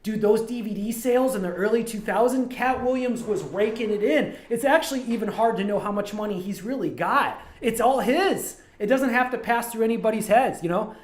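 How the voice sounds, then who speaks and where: With a high-pitched voice and hardly any pauses, a brisk man rambles through one story after another on his livestream. He's a streamer and animator from Toledo, Ohio, chatting casually, and the audio has a roomy echo.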